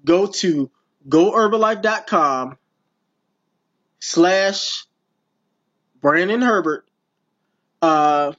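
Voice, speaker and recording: A man's voice: high voice, extremely slow, pauses often, a bit bright. A man hosting a podcast, rambling through his sign-off with many restarts and fillers. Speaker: podcast host. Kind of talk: casual podcast outro. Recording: dull lo-fi sound.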